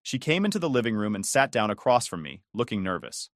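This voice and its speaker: A man's voice: lowish voice, sing-song, fast, dry recording, studio quality. A man narrating a scripted first-person family drama story, with bitter, emphatic phrasing and rising questions.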